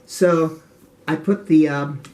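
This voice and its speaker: Older man, earnest, halting storyteller. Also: on the high side, steady tone, darkish tone. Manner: halting, repeats words, earnest. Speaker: interviewee, martial arts teacher. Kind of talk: reflective interview storytelling.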